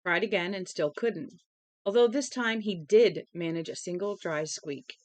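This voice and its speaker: A young woman with a lowish voice reads a novel aloud to a livestream audience, unhurried, in a dry, rough recording. Tired and yawning, she stays chatty, breaking off between passages for casual asides to chat.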